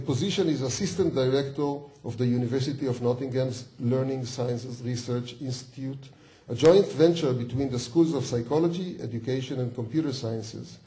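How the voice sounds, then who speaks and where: Mellow-voiced man introducing a speaker. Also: medium pitch, rough recording. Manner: halting, with fillers and self-corrections. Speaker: event host. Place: lecture hall.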